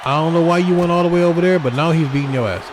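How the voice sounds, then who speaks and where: A man calling a wrestling video game match in lively play-by-play. His voice sits a little high for a man, and he trash-talks the wrestlers directly. A faint noise runs underneath. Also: racing. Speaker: game commentator.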